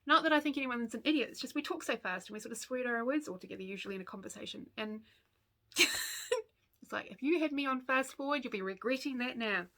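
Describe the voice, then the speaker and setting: Kiwi woman in her fifties, a stitching vlogger, fairly high voice, rambling and laughing as she chats. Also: expressive, fairly quick, sharp tone. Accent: New Zealand. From New Zealand. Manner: rambling and chatty, laughs often, goes off on tangents. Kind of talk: casual chat to camera.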